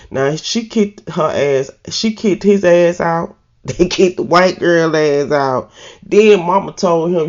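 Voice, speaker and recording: A woman's voice: deep voice, slow. Casual woman recapping a show, lo-fi. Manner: loose, slangy, laughs at herself. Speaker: TV recap host.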